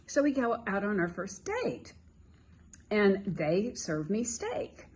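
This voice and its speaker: A woman from the American South with a softened Southern accent, telling a story in casual chat and acting out the dialogue with lively laughter. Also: mid-range voice, takes it slowly, a little hiss or hum, rough recording. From Southern US (Tennessee, North Carolina). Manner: animated, laughing, acts out quoted dialogue. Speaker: Christian counselor, co-host.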